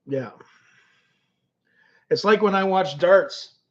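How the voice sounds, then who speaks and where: A man's voice: sits high, slow pace, fairly bright tone. A man from Canada hosting a casual livestream, chatting with viewers and rambling through stories with lots of restarts. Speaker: livestream host. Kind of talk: casual livestream chat reading comments. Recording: dull lo-fi stream audio.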